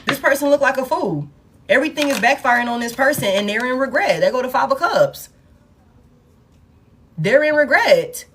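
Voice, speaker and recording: A woman's voice: sits high, animated, normal speed, long pauses, a bit bright, a little hiss or hum. A woman giving a casual tarot reading in a blunt, profane manner, with laughing asides. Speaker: tarot reader.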